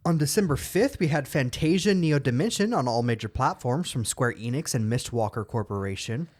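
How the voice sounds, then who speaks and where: A man co-hosting a podcast, chatting casually and reading game release blurbs quickly, tripping over words now and then. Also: medium pitch, animated, darkish tone. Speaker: podcast co-host.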